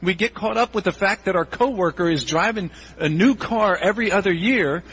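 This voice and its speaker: A male pastor giving a sermon in a church, animated and acting out the voices of churchgoers in quick asides. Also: sits high, a little hiss or hum, low-quality recording.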